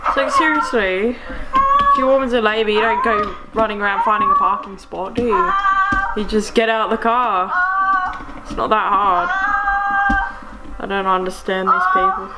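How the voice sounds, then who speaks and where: A woman's voice: medium pitch, very animated, normal speed, pauses often, heavy background noise. A young woman vlogging at home in casual chat, blunt and sarcastic, filmed by someone else on a handheld camera.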